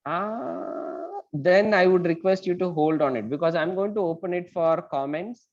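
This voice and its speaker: A man's voice: high voice, unhurried. A man with an Indian English accent teaching an online math class, patient and often checking in with "right?". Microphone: video call. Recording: dull lo-fi call audio.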